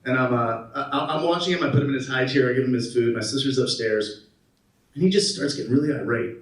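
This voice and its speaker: A man in his thirties giving a conference keynote, an animated storyteller who asks the audience questions. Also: mid-range voice, brisk. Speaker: keynote speaker. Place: conference hall. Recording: roomy hall, mic at a distance.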